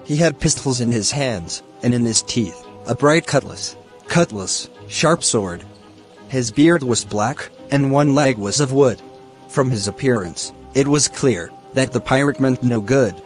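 A man teaching a poem, explaining its lines and word meanings slowly and deliberately. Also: medium pitch, expressive, faint music behind. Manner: slow, deliberate, glossing words one by one. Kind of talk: educational explanation.

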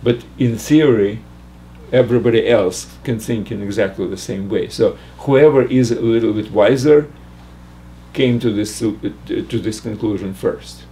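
An older man teaching math, working slowly through a logic puzzle aloud with frequent restarts. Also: fairly low pitch, warm tone, a little hiss or hum. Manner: halting, restarts and fillers while reasoning aloud. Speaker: math lecturer.

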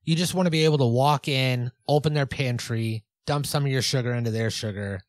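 A man's voice: medium pitch, a little fast, dry recording, clean studio sound. A man co-hosting a comedy podcast, playfully leading the bits with mock instructions and a joke ad read. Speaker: podcast co-host.

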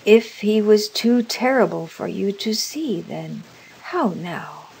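A woman voicing a frightened old man who speaks in a shaky, faltering, hushed way. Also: fairly low pitch, a little slow, a little hiss or hum, lightly acted, rough recording. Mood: fearful. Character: frightened trembling old man, timid husband.

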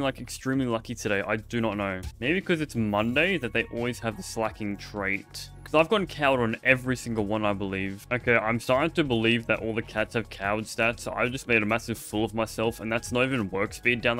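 A man's voice: lowish voice, a bit bright. Playful young man commenting on gameplay. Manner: playful, jokey, chatty with the game creatures. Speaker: gaming video host.

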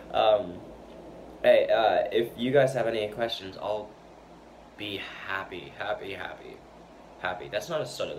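A man's voice: on the low side, a little mellow. A man vlogging in a loose, rambling way, stuttering and repeating words, with plenty of fillers and restarts. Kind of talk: casual rambling talk to camera. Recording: noisy background hiss.

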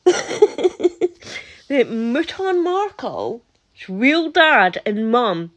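Scottish woman, casual vlogger, slightly high voice, slow and giggly, talks like she's chatting to friends. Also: big pitch swings. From Scotland. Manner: chatty, laughs often, incredulous asides. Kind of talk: casual chat to camera.

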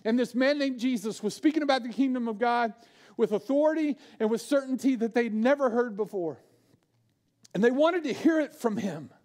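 A male pastor preaching a sermon, swinging from loud bursts to hushed, low asides.

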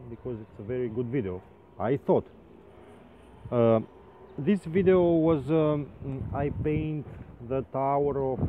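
A man telling a funny story in halting English, full of restarts and comic exaggeration. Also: fairly high pitch. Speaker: rope access painter. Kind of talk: casual storytelling vlog. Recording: phone-like sound with faint noise.

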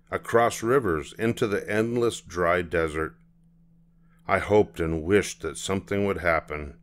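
An older man reading a children's picture book aloud, telling the story in an unhurried, measured way. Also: low voice.

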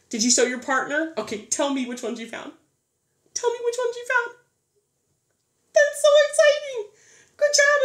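Preschool teacher lady, high lively sing-song voice, slow and clear, echoey room. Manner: sing-song, encouraging, drawn-out letter sounds. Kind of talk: children's phonics lesson.

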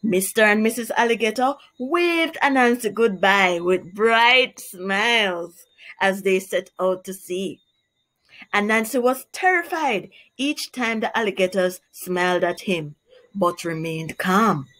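A woman teacher reading a storybook aloud to young children in a slow, expressive way. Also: medium pitch.

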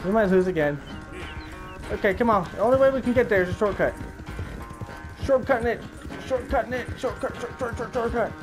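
A young man commentating his own gameplay in an excitable, profane, repetitive manner. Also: sits high, brisk, long pauses, music in the background, rough recording. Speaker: let's play gamer.

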